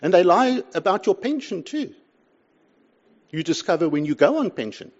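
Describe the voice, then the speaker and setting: An older man preaching a sermon, swinging between loud pleas and hushed asides. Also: sits high, sing-song, normal speed, dull audio. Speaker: pastor.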